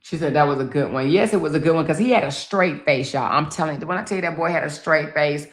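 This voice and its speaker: A woman's voice: deep voice, fast talker. A woman hosting a casual livestream, talking straight to her viewers and laughing easily. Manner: chatty, addresses viewers directly. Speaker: livestream host.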